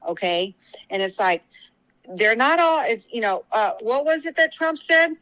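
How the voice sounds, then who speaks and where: A woman with a bright, forceful voice talks politics as a guest on a show. She sounds tired and rambles, stopping and restarting her sentences with plenty of fillers, and her words come out heated. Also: a little high, expressive, measured pace, rough recording. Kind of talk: casual political talk.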